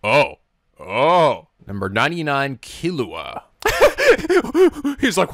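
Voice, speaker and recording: A man hosting an anime reaction, excitable, breaking into frequent laughs and exclamations. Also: on the high side, slow pace, no echo, clean studio sound.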